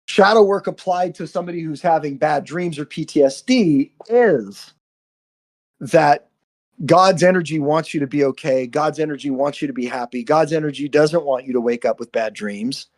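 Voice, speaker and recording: A man hosting a live stream, giving an earnest spiritual monologue full of swearing and frequent "right?" checks. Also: fairly high pitch. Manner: earnest, profane, repeats "right?".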